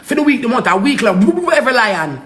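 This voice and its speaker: A woman's voice: on the high side, big pitch swings, quick pace, a bit bright. Jamaican woman ranting on a livestream. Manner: repetitive, pleading and scolding in patois. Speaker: social media live streamer. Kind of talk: heated livestream rant.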